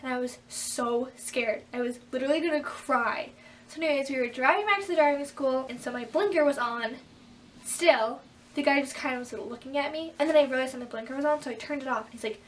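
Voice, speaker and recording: A teenage girl telling a story in a casual vlog, animated and acting out what people said. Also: brisk, distant mic, slight background noise. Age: teens. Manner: animated, acts out quotes with big pitch jumps. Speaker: vlogger.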